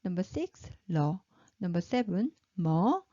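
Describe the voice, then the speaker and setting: A woman leads a patient pronunciation drill, repeating each syllable three times and cheering her learners on. Her pitch swings widely, and her voice is warm and mellow. It is a dry, close recording with a slightly dull, lo-fi sound. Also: sing-song, normal speed, no room sound. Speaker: Korean language teacher. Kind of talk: slow, drilled pronunciation lesson.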